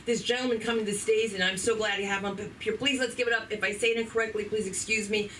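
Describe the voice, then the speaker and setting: A brash, campy host introduces the next comic with loose banter. The voice sits mid-range and comes from far off the mic, with steady noise in the room. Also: medium pitch, quick pace, hardly any pauses. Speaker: comedy show host.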